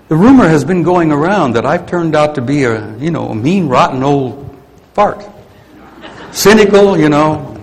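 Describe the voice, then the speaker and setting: A man's voice: a little high, lively intonation, normal speed, darkish tone. An older man giving a rambling, grumpy, folksy talk to an audience. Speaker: speaker addressing an audience. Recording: long hall reverb.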